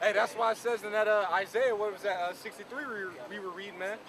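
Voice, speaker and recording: Male street preacher with a very high pitch, emphatic and repetitive, recorded outside over a crowd. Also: fairly even intonation, fast talker. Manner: emphatic, repeats "man" and "you know". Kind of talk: outdoor street preaching, commentary on scripture. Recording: outdoor street with crowd noise.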